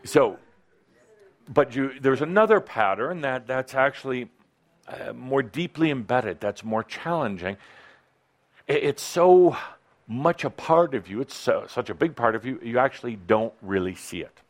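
A man's voice: medium pitch, animated, unhurried. Playful man leading a live workshop. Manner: playful, teasing, coaching. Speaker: workshop leader. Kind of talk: live seminar talk to an audience. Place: workshop room with a live audience. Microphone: handheld or clip-on microphone.

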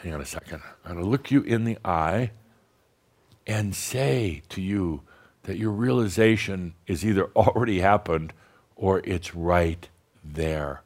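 A man giving a channeled spiritual talk to an audience, blunt and teasing, slowing down to guide deep breaths. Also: a little mellow. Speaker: spiritual teacher channeling a master.

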